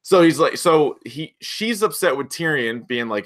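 A young adult man chatting casually as a podcast co-host, acting out characters' lines in quick voices. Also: medium pitch, fairly bright tone. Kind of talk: casual chat.

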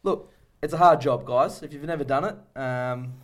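A man's voice: medium pitch, close to an everyday voice. Man playing a sheepish cricket umpire. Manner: sheepish, halting, self-deprecating. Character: flustered male cricket umpire.

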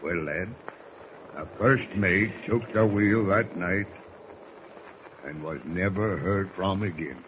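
A man playing a gruff, peg-legged first mate of a sailing ship with salty sea-dog speech, in 1940s radio acting on an old, dull recording. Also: low-pitched, slow pace, pauses often, noisy background. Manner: salty sea-dog talk, bellows orders.

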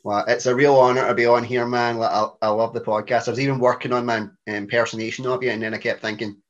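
A man's voice: mid-range voice, level tone, fast, lo-fi sound. A Glaswegian man in his thirties, a podcast guest telling rambling, self-mocking stories in casual chat. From Scotland.

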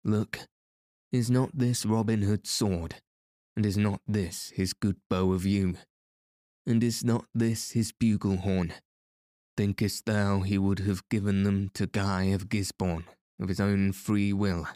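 A man voicing a harsh-voiced male outlaw in disguise, speaking slowly and deliberately. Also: fairly low pitch, fairly even intonation, mellow, no room sound, clean studio sound. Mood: grim.

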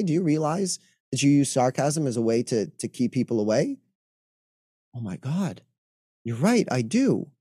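A man with a mellow, warm tone and a swooping, animated delivery, talking as a mental health coach on a podcast. His pitch sits a bit high for a man. He slips into quick acted-out inner voices as he explains, and the recording is dry and close. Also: dry recording. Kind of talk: podcast interview talk.

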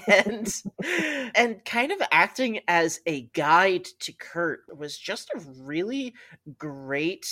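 A man co-hosting a podcast in a casual chat, speaking in a measured, thoughtful way. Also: high-pitched, lively intonation, pushed and bright, no room sound, studio quality. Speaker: podcast co-host.

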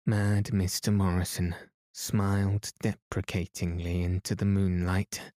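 A man reading a story aloud to help listeners fall asleep, in a calm and soothing way. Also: low voice, dry recording, clean studio sound. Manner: slow, soothing, even. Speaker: sleep story narrator.

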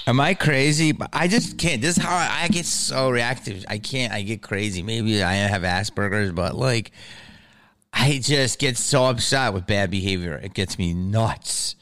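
A man's voice: fairly low pitch, moderate pace, noisy background. A comedian talking casually about his own stage outburst, heated, rambling and profane. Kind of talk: reflective casual talk.

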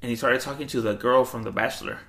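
A young man chats on a podcast with a gravelly, bright voice. He tells loose, slangy stories and keeps imitating the people he describes. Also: medium pitch, fairly even intonation, fast talker. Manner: slangy storytelling with mimicked voices. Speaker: podcast co-host. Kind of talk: casual chat.

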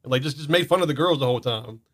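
A man's voice: mid-range voice, racing, dry recording, studio quality. A man who is a guest on a radio show, telling stories in casual banter and laughing often. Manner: animated storyteller, laughs often.

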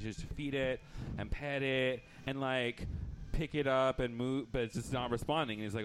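A man's voice: medium pitch, moderate pace, background noise. A man hosting a live podcast, playfully telling a long joke to a small audience. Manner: playful storyteller. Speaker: podcast host.

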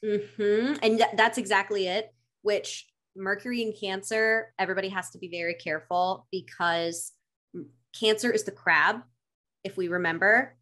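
A woman co-hosting a casual astrology chat, animated and playful, laughing often as she explains things. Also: medium pitch, moderate pace. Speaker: astrology podcast co-host.

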